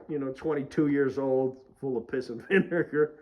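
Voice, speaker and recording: A man's voice: medium pitch, normal speed, a little mellow, muffled recording. A young man telling stories in a casual vlog, rambling with lots of fillers and swearing freely. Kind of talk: casual storytelling.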